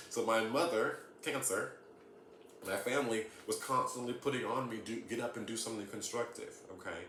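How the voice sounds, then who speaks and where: A fairly low-voiced man from the US South talks earnestly to his camera at home, checking in with "okay?" after almost every point. Light laughs break up his casual explanations. The room gives his voice a noticeable echo under a faint hiss. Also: a bit bright. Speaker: astrology vlogger. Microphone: camera mic.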